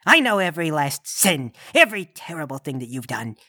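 A man voicing a looming, sardonic male Krampus demon in a tabletop game, speaking low and menacing. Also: very animated, a little fast, sharp tone, no echo, studio quality, exaggerated voice.

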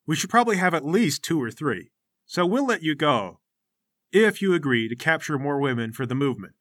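A man's voice: fairly high pitch, very animated, fairly quick, a bit bright, no room sound. A man voicing a pompous teenage boy who leads a gang, talking in a self-righteous, indignant way. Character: pompous teenage male cult leader.

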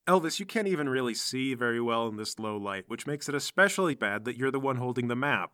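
A man's voice: medium pitch, expressive, fast, bright, forceful tone, no echo, clean studio sound. A man narrating as game master of a tabletop game, describing the scene steadily.

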